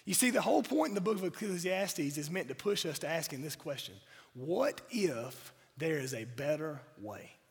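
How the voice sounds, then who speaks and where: A man from South Georgia with a Southern accent, preaching a sermon while hoarse from a cold, mixing wry jokes to the congregation into his points. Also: a little high, animated, normal speed. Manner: wry, joking asides to the congregation. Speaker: pastor. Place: church sanctuary. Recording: church hall reverb.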